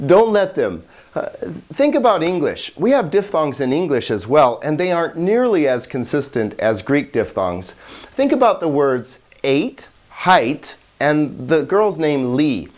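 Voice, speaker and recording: Man, teacher, lively and playful pitch, jokes between carefully spelled-out words. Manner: chatty, joking, laughs at own puns; slow, careful pronunciation of example words. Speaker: Greek teacher. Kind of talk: recorded video lesson.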